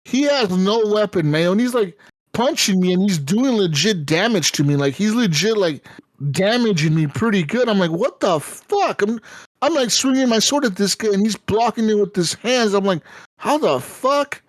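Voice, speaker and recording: A man co-hosting a gaming podcast, telling stories in a lively, casual way and swearing often. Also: high-pitched, normal speed, no echo. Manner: animated storytelling, swears often. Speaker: podcast co-host. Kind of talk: casual chat.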